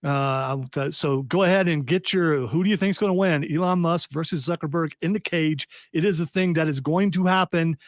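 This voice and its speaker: A man's voice: a little high, normal speed, few pauses, no room sound. A man hosting a radio talk show in a studio, rambling and joking through the rundown. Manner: rambling, playful, jokey. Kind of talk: casual studio banter. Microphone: studio microphone.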